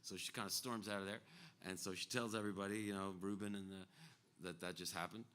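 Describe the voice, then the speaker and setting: A man's voice: low voice, steady tone, a little fast, a bit bright. A man on stage telling a long story in a loose, rambling way between songs. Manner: rambling, loose, full of fillers and asides. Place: live music venue.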